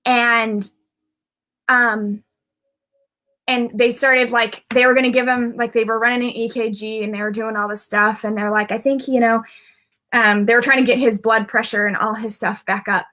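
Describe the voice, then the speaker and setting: Woman, intuitive medium, live-video storyteller; tense, fairly high voice, rambling delivery full of ums and restarts. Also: level tone, normal speed, sharp tone. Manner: rambling, restarts often, many fillers.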